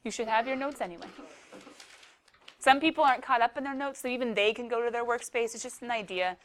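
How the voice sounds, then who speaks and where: A woman's voice: a little high, quick pace, a bit bright, slight background noise. A woman teaching a classroom math lesson, playful and joking with her students as she works a problem.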